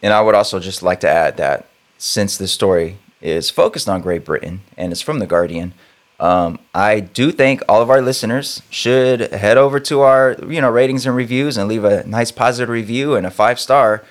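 A man's voice: lowish voice, normal speed. A man co-hosting a podcast, chatting in an easygoing, joking way. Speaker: podcast co-host. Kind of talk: casual podcast chat.

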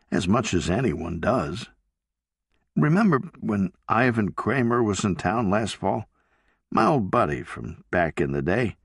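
A man's voice: fairly low pitch, gravelly, slightly rough, dry recording, studio quality, exaggerated voice. A man voicing an elderly husband who speaks in a hesitant, reflective way. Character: elderly husband, thoughtful and wry.

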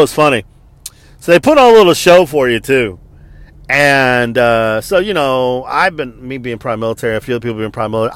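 A man's voice: mid-range voice, no room sound. A man in his forties and army veteran telling a story in a casual, profane and exasperated rant.

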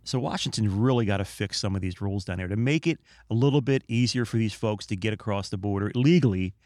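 A middle-aged man hosting a podcast, talking in an animated, emphatic and opinionated casual monologue. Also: on the low side, fast talker, few pauses, no echo, studio quality. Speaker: podcast host.

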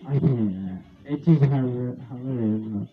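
A young man rants in a loose, rambling way, circling back over the same phrases and breaking into laughter. His voice sits at an ordinary middle pitch. The sound is thin and phone-like, with faint music underneath. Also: slow pace. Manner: rambling, repeats himself, laughs often, swears. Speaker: vlogger. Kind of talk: casual rant.

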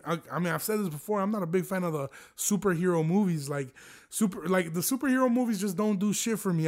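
A young man hosting a casual solo podcast, rambling through stories with heavy profanity and frequent laughs. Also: high voice. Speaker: podcast host.

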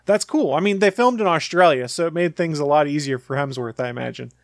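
A man co-hosting a podcast, sharing opinions in a relaxed, casual way. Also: fairly high pitch, fast, dry recording, studio quality. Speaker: podcast co-host. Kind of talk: casual chat.

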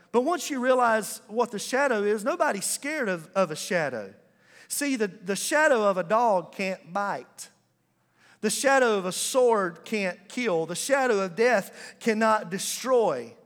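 High-voiced preacher in a reverberant hall. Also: male voice. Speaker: pastor. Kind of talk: sermon. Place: church sanctuary. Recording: long reverb of a large hall.

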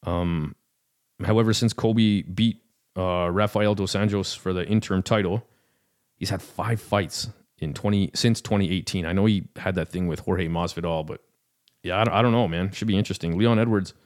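A man's voice: sits low, normal speed. A man hosting a fight podcast, chatting casually in a rambling, self-deprecating way with lots of fillers. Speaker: podcast host. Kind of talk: casual chat about fights.

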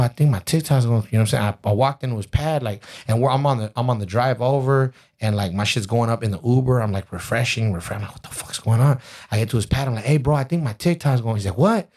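A man, a rapper, telling a profane, animated story about his career in casual conversation. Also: mid-range voice, breathy edge. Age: adult with a twenty-year-old stepdaughter. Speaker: rapper guest.

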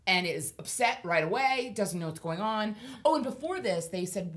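A woman's voice: medium pitch, expressive, moderate pace, fairly bright tone. A woman telling a long story in casual chat, rambling and self-deprecating, laughing now and then as she talks. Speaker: podcast guest storyteller.

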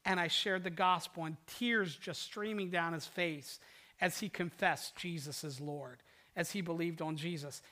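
Older guy pastor preaching, tells stories, gets loud then real quiet, highish voice. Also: measured pace. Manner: storytelling, animated swings from loud to hushed. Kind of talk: sermon.

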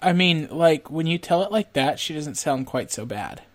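Brief: woman co-host, lowish voice, dry and blunt. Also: animated, normal speed. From Shreveport, Louisiana. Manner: blunt, wry reactions. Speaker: podcast co-host. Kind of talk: casual chat.

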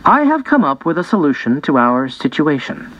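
A man's voice: on the high side, very animated, moderate pace, fairly bright tone, highs cut off. A man voicing a middle-aged mother in an audiobook, composed and matter-of-fact. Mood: firm. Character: mother, middle-aged woman, calm and firm. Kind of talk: audiobook character voice.

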